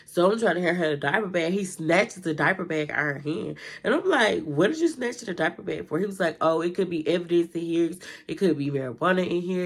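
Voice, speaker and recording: A young woman, telling a personal story to her viewers in casual vlog style, jumping high when she acts out her own lines. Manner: animated retelling, jumps to high pitch when quoting herself. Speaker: storytime vlogger.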